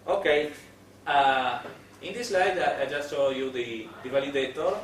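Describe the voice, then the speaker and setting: Hesitant lecturer in an echoey room. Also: male voice, medium pitch, moderate pace. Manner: hesitant, many fillers and restarts. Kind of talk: classroom lecture on web development. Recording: echoey room, mic at a distance, noisy.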